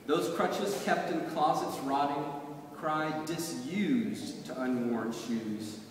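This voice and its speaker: A man reciting his own poems in a measured, rhythmic way at a reading. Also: medium pitch, a little hiss or hum. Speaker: poet. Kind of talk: poetry reading. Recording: echoey hall from far off.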